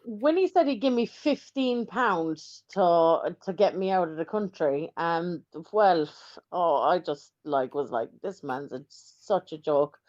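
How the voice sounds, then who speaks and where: A woman's voice: lowish voice, lively intonation, slow pace, hardly any pauses, darkish tone, no room sound, dull audio. A woman talking on a livestream panel, indignant and rambling with many fillers. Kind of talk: casual livestream panel talk.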